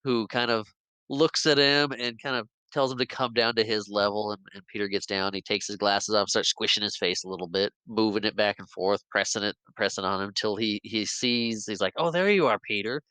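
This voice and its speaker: A man's voice: lowish voice, flat delivery, a little fast, sharp tone, smooth, dry recording, poor audio. A man hosting a podcast, casually recapping a movie scene by scene and acting out the characters' lines with laughs. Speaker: podcast host.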